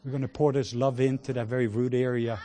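A man preaching a sermon with passion, moving between hushed words and loud exclamations. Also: medium pitch, flat delivery, fast talker, background noise. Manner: sprinkles in laughter and cries of "whoa".

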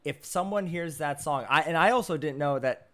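A young man on a podcast rambles through his movie memories. His voice sits a little high, and he gets excitable. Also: normal speed. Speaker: podcast co-host. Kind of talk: casual movie chat.

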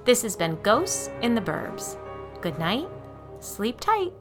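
A woman hosting a podcast, narrating a first-person story with expressive reading that drops low and soft for the tense parts. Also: slow pace, over music.

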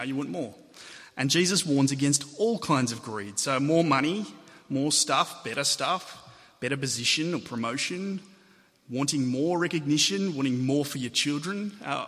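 A man's voice: mid-range voice, pushed and bright. A man preaching a sermon in a conversational way, with asides and self-corrections. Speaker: pastor. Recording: long hall reverb.

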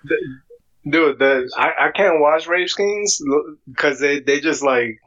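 A man's voice: a little high, slow, a bit bright. A man in casual chat, talking in a laid-back, slangy way. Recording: dull lo-fi sound.

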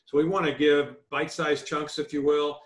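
A man's voice: a little high, level tone, moderate pace, roomy sound. A man giving real estate negotiation advice as a guest in an interview, emphatic and instructive, laying points out like a list. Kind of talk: remote interview.

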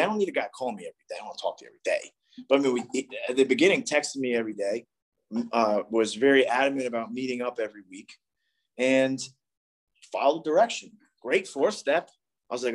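The young East Coast recovery speaker, animated at a quick pace and medium pitch, offers the group a candid testimony that's profane and rambling.

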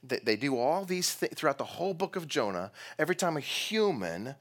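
A pastor preaches a sermon in a conversational way, laughing now and then and hitting certain words with sudden, strong emphasis. His voice is fairly high with big pitch swings, and he speaks fairly quickly.

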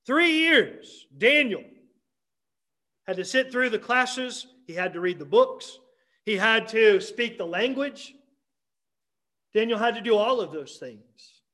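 A man preaching a Sunday morning sermon as pastor, emphatic with dramatic pauses and repetition. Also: high voice, pushed and bright.

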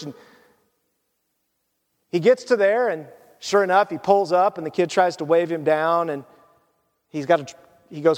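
A male pastor delivers a sermon in a loose, conversational storytelling way, sinking to a hush when the story turns heavy. His voice sits high for a man. The sound rings with the long reverb of a church hall. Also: moderate pace, long pauses. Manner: conversational and storytelling, drops to hushed tones for emotional moments.

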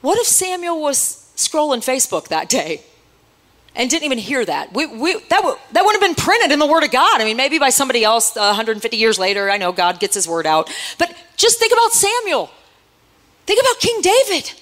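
Woman, preaching, church hall, bright-pitched voice, joking with the congregation. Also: expressive, a little fast. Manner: playful, teasing the congregation. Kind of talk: sermon.

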